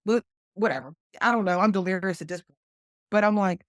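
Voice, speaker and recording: A woman's voice: mid-range voice, a little fast, no echo, studio quality. A middle-aged woman from West Virginia, a podcast guest telling an earnest personal story and acting out remembered dialogue. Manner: earnest, acts out her past dialogue. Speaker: guest, retired flight nurse.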